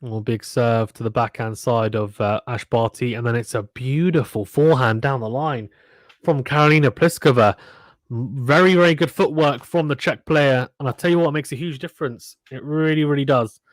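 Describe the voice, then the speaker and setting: A man's voice: medium pitch, normal speed, no echo. Chatty man calling tennis live. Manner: chatty, reads out viewer comments between points. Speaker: livestream host doing tennis play-by-play. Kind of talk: casual live commentary.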